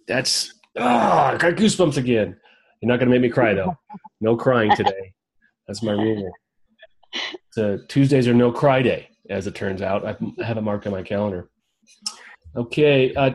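A man hosting a group video call, upbeat and energetic, calling on members by name. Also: mid-range voice, husky. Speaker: host of an online roundtable.

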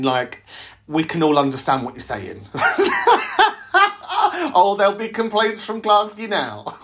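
A man's voice: a little high, fairly bright tone. A man hosting a call-in show, cheeky and teasing, laughing often. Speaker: host. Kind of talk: casual chat reacting to callers.

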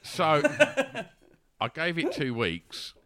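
A man's voice: a little high, huge pitch swings, extremely slow, sharp tone. A man telling a long casual story, rambling with fillers and restarts and laughing as he goes. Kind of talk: casual anecdote.

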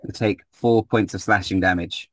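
A man narrating a tabletop game as game master, relaxed and hesitant, filling pauses with ums. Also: deep voice, no echo.

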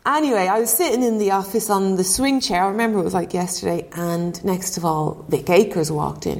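A woman's voice: medium pitch, moderate pace, vocal fry. A woman, a former goalkeeper, chatting as an interview guest and telling stories, acting out dialogue and laughing often. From Ireland. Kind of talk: casual chat, storytelling.

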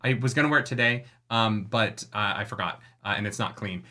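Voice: mid-range voice, fairly quick, pushed and bright. A podcast co-host in a casual book discussion, ranting with passion and plenty of swearing, acting out quoted characters. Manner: impassioned, profane ranting.

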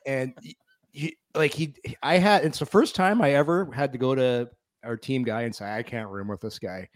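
A man's voice: medium pitch, normal speed, no room sound. A middle-aged man, a former hockey player co-hosting a sports talk show, telling stories with lots of laughter. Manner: animated storyteller, laughs often, acts out voices. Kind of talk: casual sports talk, storytelling.

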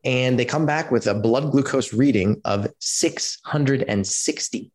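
A man in his forties from California, telling his personal story as a podcast guest in an animated way, acting out quotes and using lots of fillers. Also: mid-range voice, unhurried. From California, USA. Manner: animated storyteller who acts out quotes, many "like" and "you know" fillers.

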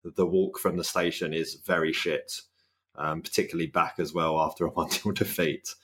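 A man's voice: low voice, little pitch movement, normal speed, a bit bright. A man hosting a podcast, chatting casually with laughter and swearing. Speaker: podcast host.

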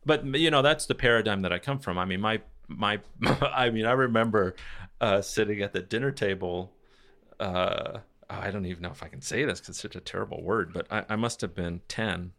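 Podcast host, male, bright tense tone, frank and quick to laugh in conversation. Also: on the low side. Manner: frank, laughs easily, animated storytelling. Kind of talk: casual conversation.

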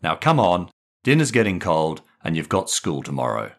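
A man reading a patient, gentle dad. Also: low-pitched, normal speed, voice pushed down, exaggerated voice. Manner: calm, soothing.

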